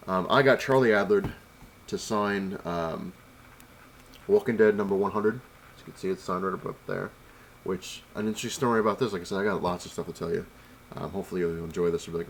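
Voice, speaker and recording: Low-voiced man rambling through a story. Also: a little hiss or hum. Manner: rambling, retells exchanges with "I was like"; annoyed complaining. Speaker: vlogger. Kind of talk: casual storytelling to camera.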